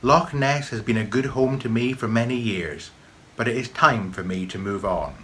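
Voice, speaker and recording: Guy doing a big noble dragon, rumbly growly and solemn, kinda bright tone. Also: moderate pace, a little hiss or hum, close to an everyday voice. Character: huge old male dragon, gentle and noble.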